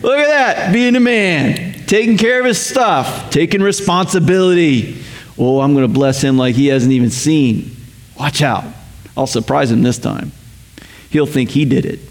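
A man's voice: a little high, normal speed, pitched below the performer's own voice, close to an everyday voice. A pastor voicing the Lord as a delighted, proud father who cheers on his child.

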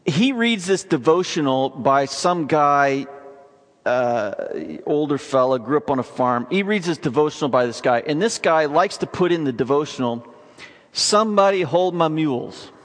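A man preaching a sermon, emphatic and energetic, with sudden bursts of excitement. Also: on the high side, moderate pace. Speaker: pastor. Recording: long reverb of a large hall.

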